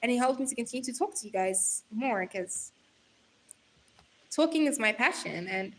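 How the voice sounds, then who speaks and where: A woman's voice: a little high, expressive, moderate pace, pauses often, poor audio. A young woman hosting a casual livestream on her phone, reading out viewer comments and talking straight to them in a chatty, giggly way. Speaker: livestream host.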